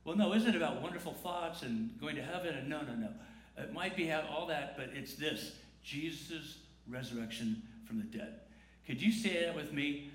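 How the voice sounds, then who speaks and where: A man's voice: on the high side, expressive, normal speed, fairly bright tone. A man preaching an Easter sermon in a large church, conversational and joking, drawing the congregation into call-and-response. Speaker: pastor. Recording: echoey church room with faint noise.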